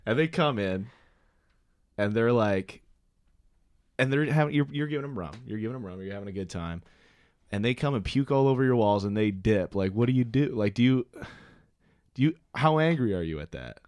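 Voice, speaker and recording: Loud, laughing podcast host. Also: male voice, mid-range voice, animated, moderate pace, pauses often. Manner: loud, laughing, swearing freely. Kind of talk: casual podcast chat.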